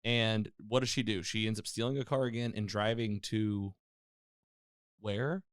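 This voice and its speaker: A man's voice: on the low side, steady tone, unhurried, clean tone, no echo, studio quality. A man hosting a casual podcast, recapping a TV episode and acting out the characters' lines. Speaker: podcast host. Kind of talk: casual chat.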